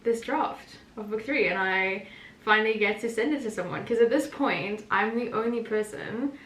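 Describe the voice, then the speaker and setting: A woman's voice: moderate pace, fairly bright tone, far from the mic. A woman from South Africa, an author, chatting casually in a rambling vlog and laughing often. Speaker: author vlogger. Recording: roomy echo, voice from off-mic, faint rumble.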